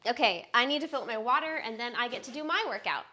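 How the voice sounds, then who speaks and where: Young woman, personal trainer, live-stream host; upbeat, chatty, slightly high, with a bright, forceful tone. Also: expressive, quick pace. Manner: chatty and upbeat, frequent fillers. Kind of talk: casual live-stream chat.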